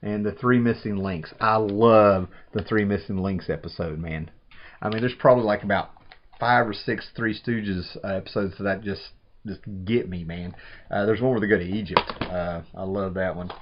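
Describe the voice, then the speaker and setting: A man's voice: on the low side, moderate pace. A man in his thirties chatting casually while unboxing, rambling with enthusiasm and often saying "man". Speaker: vlogger unboxing a package. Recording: dull lo-fi home recording.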